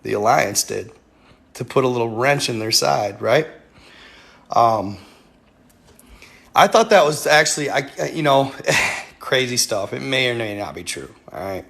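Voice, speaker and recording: A man's voice: medium pitch, expressive, unhurried, gravelly, pauses often, a bit bright. A man hosting a casual livestream, rambling with many fillers and talking straight to his viewers. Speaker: livestream host.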